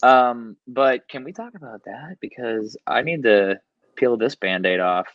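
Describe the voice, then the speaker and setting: A man's voice: mid-range voice, expressive, a little slow, no echo. Casual sports podcast guy, jokey, muffled dry mic. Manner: joking, teasing, hesitant with fillers. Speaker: podcast co-host. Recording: dull, dry mic sound.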